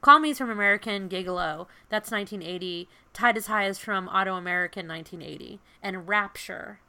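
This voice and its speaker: A woman in her fifties co-hosts a casual podcast and chats in an animated, storytelling way. Her voice is bright and clear. She leans on fillers as she goes. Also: medium pitch, brisk. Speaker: podcast co-host. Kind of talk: casual chat.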